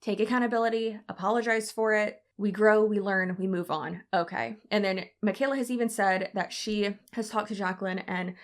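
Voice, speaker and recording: A young woman with a light Southern US twang talks through a casual commentary vlog at a middling pitch. She is frank and chatty, loose with fillers, and quick to laugh at herself. She is pregnant and speaks close to the mic. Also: steady tone. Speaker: commentary YouTuber.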